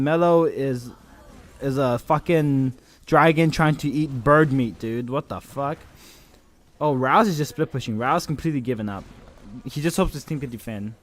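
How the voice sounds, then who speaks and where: Joking, profane esports streamer man. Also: mid-range voice. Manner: joking, profane, swings into excited shouting. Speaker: live stream caster. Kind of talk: casual esports live-stream commentary.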